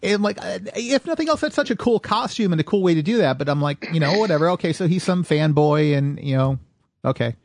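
Lively, animated male podcast host. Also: a little high, a little fast, a little hiss or hum. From Michigan. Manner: animated storyteller, acts out quotes. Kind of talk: casual podcast chat.

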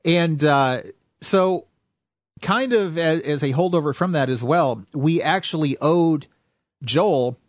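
A man's voice: on the high side, takes it slowly, dry recording, clean studio sound. An American man hosting a casual podcast chat, rambling with lots of fillers and restarts. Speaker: podcast host.

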